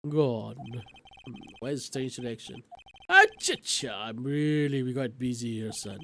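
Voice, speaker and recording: A man's voice: medium pitch, very animated, takes it slowly, bright, forceful tone, a little hiss or hum, voice pushed down, full character voice. A man voicing a pompous, blustering older male lawyer from a video game, with a grandiose, theatrical delivery.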